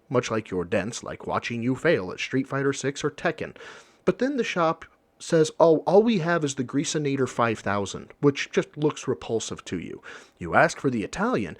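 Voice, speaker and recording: A man giving blunt, sarcastic reaction commentary, lecturing with profanity. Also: mid-range voice.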